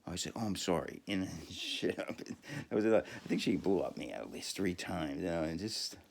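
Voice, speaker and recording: Man podcaster, very low gravelly voice, rambling profane monologue with lots of ums and self-laughs. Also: lively intonation, moderate pace. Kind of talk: casual monologue storytelling.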